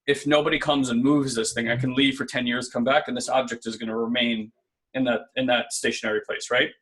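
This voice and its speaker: A man's voice: medium pitch, flat delivery, a little fast, a bit bright. A man co-hosting a casual spiritual self-help talk, earnest and conversational, often checking in with "right?". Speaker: podcast co-host.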